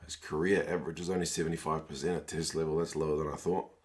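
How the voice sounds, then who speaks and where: Hoarse deep-voiced man hosting a watch-along. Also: flat delivery, quick pace. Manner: chatty, addresses viewers by name. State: hoarse, losing his voice. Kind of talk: live stream chat reading viewer comments.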